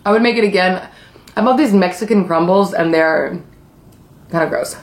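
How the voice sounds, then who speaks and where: A woman's voice: fairly low pitch, moderate pace. A young adult woman chatting casually on camera while eating, rambling through a story with lots of fillers and swearing. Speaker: vlogger.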